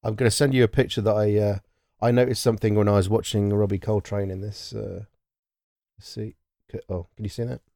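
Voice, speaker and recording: A man's voice: on the low side, level tone, brisk, gravelly, warm tone, no echo, clean studio sound. A British man chatting casually about a film, talking in bursts with lots of restarts and the odd swear word. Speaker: podcast co-host. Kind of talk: casual film-discussion chat.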